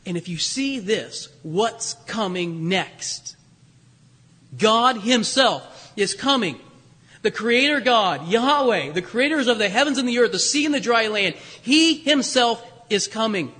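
A man's voice: sits high, lively intonation, unhurried, bright, forceful tone, husky, long reverb tail. A man preaching a conversational sermon to his congregation, lifting his voice for emphasis. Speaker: pastor.

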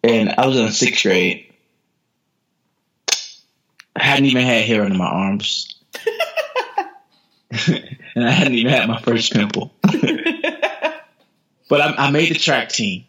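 An American man in his thirties, a sprinter telling motivational stories as a podcast guest, energetic, repeating his words and laughing often. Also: mid-range voice, slow, pauses often. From United States. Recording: dull lo-fi podcast audio.

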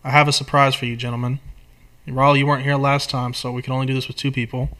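A man's voice: mid-range voice, flat delivery, fast, fairly bright tone. A man hosting a casual podcast chat, eagerly organizing and explaining things to his friends.

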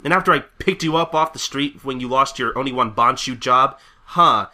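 A man's voice: medium pitch, moderate pace, bright, forceful tone. A man voicing a smug, scheming male cult leader, quoted while retelling a comic scene. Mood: smug, angry.

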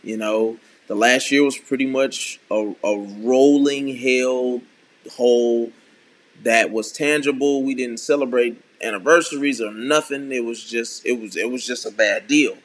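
A man in his thirties telling a candid personal story in an earnest, halting way, often restarting his sentences. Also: mid-range voice. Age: 30s. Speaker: speaker sharing a personal testimony.

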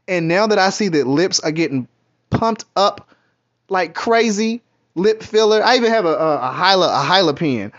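A man's voice: sits high, lively intonation, normal speed. Rambling profane man, muffled. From Kentucky, USA. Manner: candid, profane, rambling storyteller. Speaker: vlogger. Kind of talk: casual rambling monologue. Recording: muffled lo-fi audio.

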